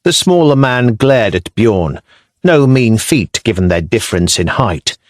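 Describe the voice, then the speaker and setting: Guy reading an audiobook, pitch moves around a lot, measured and descriptive, dry studio mic. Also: lively intonation, dry recording. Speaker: audiobook narrator. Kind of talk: scripted narration.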